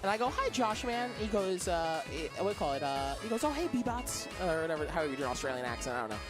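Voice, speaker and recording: High-voiced playful male commentator. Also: fast, music in the background. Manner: playful, self-deprecating, animated storytelling. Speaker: esports commentator. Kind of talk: casual live-stream commentary chat.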